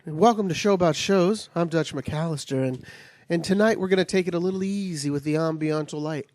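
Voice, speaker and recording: A man's voice: on the high side, a little mellow, no echo. Rambling man co-hosting a casual show. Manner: rambling, halting with fillers and restarts. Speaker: co-host. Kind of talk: casual podcast banter.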